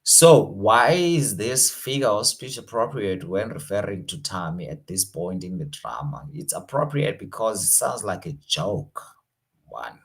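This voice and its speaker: A man's voice: on the low side, very animated, a little slow, creaky. A South African man teaching an online exam revision lesson, casual and slangy, switching between languages.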